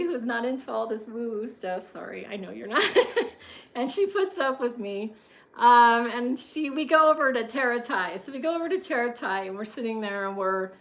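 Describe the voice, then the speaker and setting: A woman with a fairly high voice tells a personal story in a loose, chatty monologue. She pads her sentences with fillers and laughs often as she goes. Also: fairly bright tone.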